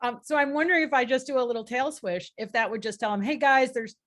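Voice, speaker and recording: A woman's voice: a little high, fast, fairly bright tone. A woman hosting a webinar, chatting casually with laughing asides. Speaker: webinar host. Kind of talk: casual chat.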